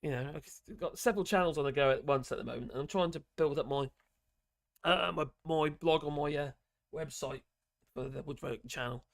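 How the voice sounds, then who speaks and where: Man, live-stream host, rambling chatty talk, losing his voice, slightly high pitch, dry close sound. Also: fairly quick, gravelly, no echo. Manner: rambling, chatty, reads chat messages aloud. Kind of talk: casual live-stream chat.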